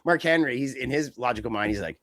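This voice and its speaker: A man's voice: medium pitch, fairly bright tone, no room sound, clean studio sound. Rambling, jokey male podcast co-host. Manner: rambling, jokey, does quick silly voices. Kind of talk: casual wrestling chat.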